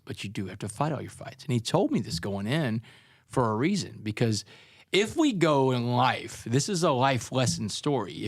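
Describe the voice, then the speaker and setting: A man's voice: mid-range voice, no room sound. Earnest man telling a hard story. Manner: earnest, conversational, calls people man and brother. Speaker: guest, author. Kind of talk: storytelling interview.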